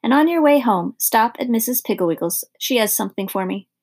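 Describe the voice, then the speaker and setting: A fretful mother with a quavering, husky voice, as a woman reads her part. She sounds anxious and easily alarmed, and her voice sits a touch high with some gravel. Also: lively intonation, fairly quick, darkish tone. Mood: firm. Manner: quavering, fearful.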